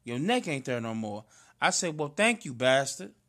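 Animated, bright-voiced St. man. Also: mid-range voice, normal speed. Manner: loud, animated storyteller, slangy and emphatic. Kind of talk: casual chat between cousins.

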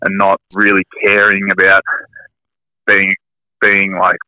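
A man's voice: sits low, completely flat delivery, slow pace, pushed and bright, no room sound. A young Australian man, a guest on a casual podcast interview, talking candidly, laughing and swearing freely over a muffled remote line. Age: young adult. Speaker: guest, professional fighter.

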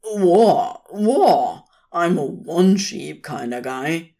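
A woman voicing an irritable, brash male demon with loud, exasperated outbursts. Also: sits low, expressive, slow, full character voice.

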